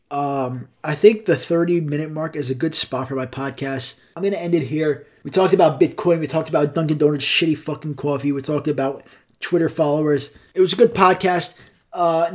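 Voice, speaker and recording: A man's voice: a little high, darkish tone. A young man hosting his own podcast alone, rambling on in a profane, sarcastic way. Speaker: podcast host.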